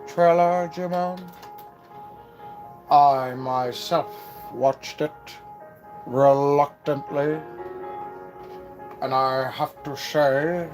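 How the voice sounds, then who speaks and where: A man voicing a stern, haughty man who scolds a boy in a very slow, deliberate drawl. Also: on the high side, darkish tone. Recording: clear background music.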